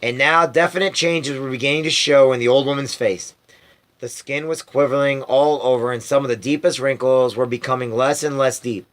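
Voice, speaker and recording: A man reading a storybook aloud as a parent, in lively storytelling narration. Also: medium pitch, normal speed.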